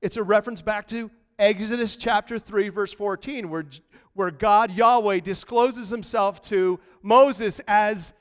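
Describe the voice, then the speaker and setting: A man preaching a lively, conversational sermon in a church, swinging from quiet asides to loud bursts. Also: high voice, measured pace, clear, resonant tone. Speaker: pastor. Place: church sanctuary. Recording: long reverb of a large hall.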